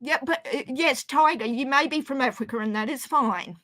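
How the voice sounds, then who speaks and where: High, bright Australian woman chatting. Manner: chatty, quick to joke and apologise. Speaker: stream guest. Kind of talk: casual chat.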